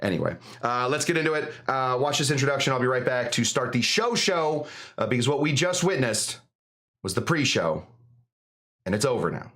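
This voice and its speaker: A man's voice: medium pitch, lively intonation, normal speed, fairly bright tone. Man, live-stream host, casual chat, rambling, jokey, mid-range voice. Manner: rambling, filler-heavy, jokey. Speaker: host of a live cocktail show.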